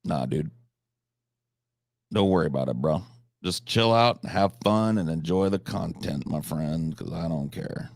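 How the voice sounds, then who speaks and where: A male live streamer with a very low, gravelly voice chats with his audience over a game. He swears freely and plays at mock seriousness with theatrical flair. The sound is dry and close, with no room around it. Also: moderate pace, dry recording. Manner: mock-serious, profane, theatrical, talks to chat. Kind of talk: casual live-stream chat while gaming.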